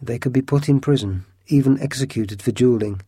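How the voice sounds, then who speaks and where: A man narrating a classic adventure story in an even, measured storytelling manner. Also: mid-range voice, husky, dry recording, studio quality. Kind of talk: storybook reading.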